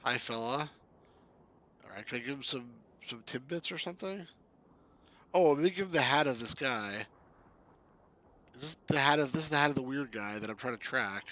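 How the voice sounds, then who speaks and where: Chatty bright-voiced man playing a game. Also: medium pitch, fairly quick, pauses often. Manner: chatty, laughs often, reads game text aloud. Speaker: game reviewer. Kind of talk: casual gameplay commentary.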